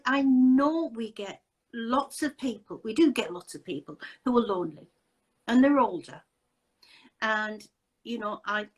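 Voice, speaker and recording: A woman hosts a casual video chat in a fairly high voice. She talks in a chatty, emphatic way and sounds fed up with what she is describing. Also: slightly rough, poor audio. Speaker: host.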